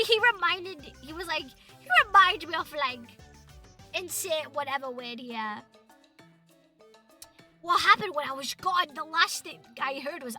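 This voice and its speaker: Her high voice carries through a casual VTuber stream where this young British woman chats with her audience. Excitable and prone to loud outbursts, she swears a lot.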